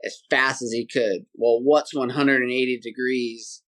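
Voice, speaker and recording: This is a man of ordinary pitch, a guest on a podcast. He tells his story in a casual, lively way, acting out sounds and other people's voices as he goes. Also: a little slow. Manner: animated, acts out sounds and voices.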